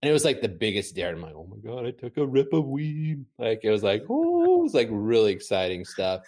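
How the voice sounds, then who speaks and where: A man chatting casually from home, telling an animated, rambling story full of fillers. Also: fairly low pitch, a little fast, husky. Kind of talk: casual chat.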